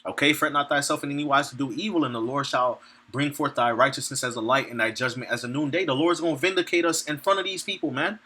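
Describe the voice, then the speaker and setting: A man's voice: mid-range voice, steady tone, fast, few pauses, sharp tone, breathy edge. A man giving an informal sermon, reading scripture aloud and commenting bluntly and profanely, laughing between points and checking in with his listeners. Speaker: preacher.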